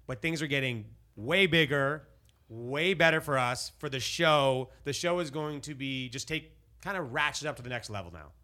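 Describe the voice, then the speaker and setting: A man's voice: medium pitch, normal speed, pushed and bright. A man hosting a podcast in casual chat, upbeat and hyped, repeating phrases for emphasis. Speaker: podcast host. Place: podcast studio.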